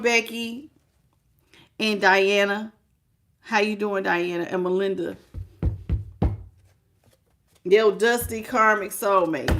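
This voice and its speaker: A woman's voice: mid-range voice, fairly bright tone, slight background noise. A woman with a mid-range voice runs a live-stream tarot reading in an easy, chatty way. She speaks right to the listener, welcomes viewers one by one and calls them sweetheart or baby. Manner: chatty, greets viewers by name with endearments.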